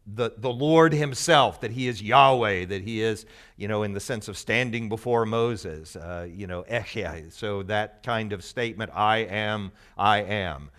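A man leads a Bible teaching for a live group in a loose, conversational way. His pitch sits in an ordinary middle range for a man. He explains patiently and teases his listeners now and then. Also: a bit bright. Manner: conversational and explanatory, teasing the audience.

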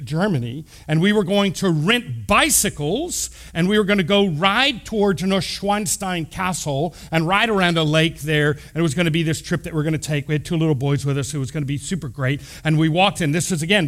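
A middle-aged man from Texas, a pastor telling stories in an animated, conversational sermon with lively asides. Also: a little high. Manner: animated, acts out quoted voices, conversational asides. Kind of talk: storytelling sermon.

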